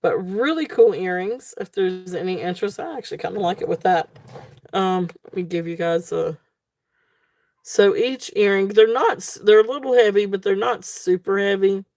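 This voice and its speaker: A woman hosting a live jewelry sale stream, talking casually with many fillers and a relaxed, tired manner. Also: mid-range voice, normal speed, dry recording.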